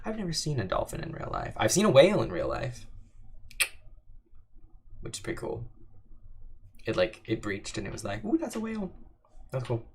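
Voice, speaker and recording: Man, casual stream chat, animated voice, rambling fillers, faint background noise. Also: medium pitch, moderate pace, long pauses. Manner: rambling, joking, full of fillers.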